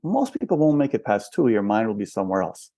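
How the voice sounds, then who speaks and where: A man's voice: fairly low pitch, big pitch swings, quick pace, dark tone, dry recording. An older man, a spiritual counselor and guest, explaining patiently and asking rhetorical questions in a reflective interview.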